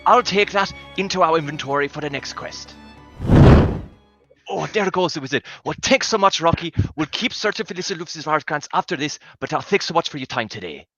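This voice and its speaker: A man's voice: on the high side, lively intonation, brisk, sharp tone, dry recording, lo-fi sound, soft background music. A man hosting an improvised comedy stream, narrating a game walkthrough in a chirpy, guiding way. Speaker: host.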